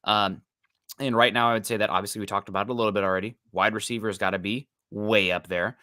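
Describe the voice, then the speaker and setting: Easygoing male sports podcast host, low bright voice. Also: steady tone, quick pace, no echo, clean studio sound. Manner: easygoing, greets viewers and reads their comments. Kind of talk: casual live-stream sports chat.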